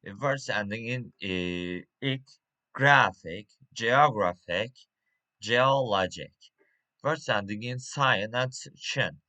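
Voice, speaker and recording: Man, teacher, slow delivery, bright tone, lots of uhs and restarts. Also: medium pitch. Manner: halting, with many uhs and restarts. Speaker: English teacher. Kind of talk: reading a pronunciation lesson.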